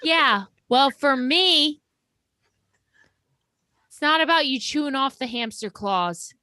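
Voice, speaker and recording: A woman improvising comedy scenes on a livestream, playful and deadpan. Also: high-pitched, slow, dry recording, clean studio sound. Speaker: improv performer and podcast host.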